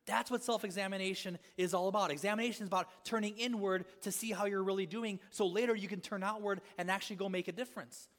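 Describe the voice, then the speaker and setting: A man preaching a sermon as a pastor, repeating rhetorical questions and swinging between loud emphasis and hushed asides. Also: high-pitched, steady tone, fast, few pauses, big-room sound.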